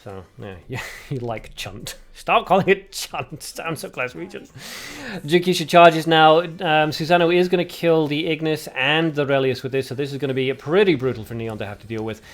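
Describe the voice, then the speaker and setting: A man's voice: on the high side, a little fast. A man hosting a livestream, commentating a card game tournament play by play while joking with viewers in chat. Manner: chatty and jokey, banters with viewers. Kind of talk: live game commentary mixed with chat replies.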